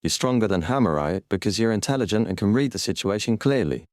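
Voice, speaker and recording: A man reading a calm, calculating fire wielder. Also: lowish voice, fast, no echo, clean studio sound, pitched above the performer's own voice, close to an everyday voice. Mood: composed. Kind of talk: audiobook character reading.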